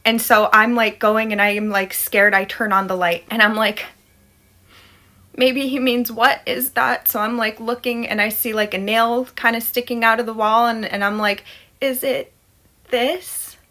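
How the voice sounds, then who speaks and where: A woman's voice: mid-range voice, little pitch movement, normal speed, hardly any pauses, bright, forceful tone. A woman in her thirties telling a scary personal story in a casual, dramatic way, acting out her own panic. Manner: dramatic, acts out her panic and quotes her toddler.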